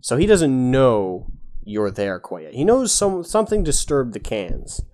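A man's voice: medium pitch, big pitch swings, a little slow, darkish tone. A man running a tabletop roleplaying game as game master, talking casually with fillers.

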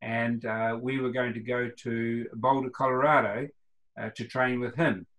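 A man's voice: mid-range voice, level tone, a little slow, a bit bright, low-quality recording. A man from New Zealand around seventy with a New Zealand accent, telling rambling anecdotes in a casual interview and acting out the quoted lines. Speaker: guest, retired runner.

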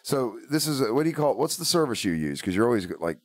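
A man's voice: mid-range voice, big pitch swings, fast talker, dry recording. A man in his forties hosting a casual family podcast, joking and swearing, rambling with plenty of fillers. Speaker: podcast host. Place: home studio.

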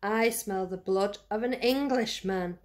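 A woman voicing a huge, menacing giant in a read-aloud storybook, chanting in a loud, booming voice. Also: measured pace, close to an everyday voice.

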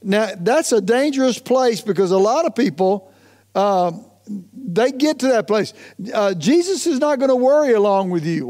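High-voiced emphatic male pastor preaching. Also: lively intonation, a little mellow. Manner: emphatic, repeats "listen to me", stretches key phrases slowly. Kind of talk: sermon.

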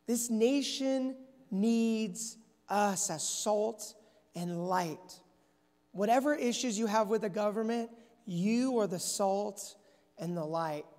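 A man's voice: high voice, slow pace, darkish tone. A man preaching a sermon in a church, earnest and storytelling, with frequent restarts. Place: church sanctuary. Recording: echoey church hall.

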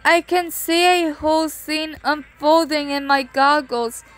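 A woman voicing a whiny, excitable teenage girl heroine who scares easily, with faint music behind. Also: sits high, unhurried. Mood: excited, startled. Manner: whiny and excitable, prone to cries.

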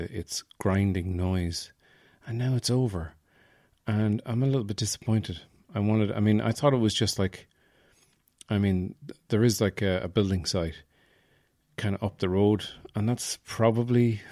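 A low-voiced Irish man talks through a casual comic monologue, rambling and wry as he pokes fun at himself. The sound is dry and close, with no room around him. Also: darkish tone, dry recording. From Ireland, Offaly. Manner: rambling, wry, self-mocking. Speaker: podcast host.

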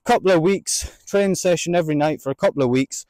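Man shouting herding commands in a field. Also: on the high side, no echo. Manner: shouts drawn-out commands to a dog between explanations. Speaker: sheepdog trainer. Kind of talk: outdoor instructional demonstration. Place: outdoor field with sheep.

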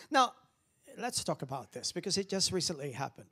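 A man preaching as pastor, animated, swinging from loud calls down to hushed whispers. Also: a little high, brisk, breathy edge. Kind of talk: lively sermon.

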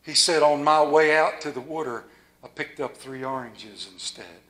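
A pastor preaches a sermon in a folksy, playful way with a rural Maryland accent, sometimes dropping into a hushed, reverent tone. His voice is a little high and moves at a moderate pace.

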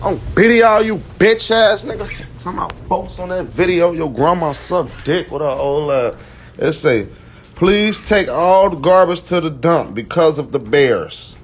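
Young chicago guy ranting on a phone live, kinda high voice, cussing and hollering. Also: lively intonation, normal speed, a little hiss or hum. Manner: loud, boastful, swears a lot, jumps into shouted bursts and chants. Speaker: rapper on a live stream. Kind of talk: casual live-stream rant.

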